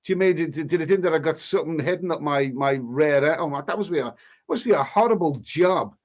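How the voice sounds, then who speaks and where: A man's voice: a little high, quick pace. A man hosting a casual live stream, reading viewers' comments aloud and answering with cheeky banter and frequent restarts. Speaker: travel vlogger reading live chat.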